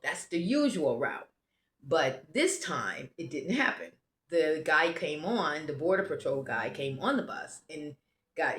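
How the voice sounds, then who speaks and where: A woman's voice: low-pitched, a bit bright. An American woman telling a travel story casually, rambling and often restarting her sentences. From United States. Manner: rambling, self-interrupting, restarts. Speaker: travel vlogger. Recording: roomy echo.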